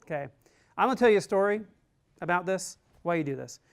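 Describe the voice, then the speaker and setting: A man's voice: high-pitched, animated, fairly quick, creaky. Chatty, earnest male resilience trainer. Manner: informal and chatty, heavy use of "like"; earnest and encouraging. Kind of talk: classroom lecture with a personal story.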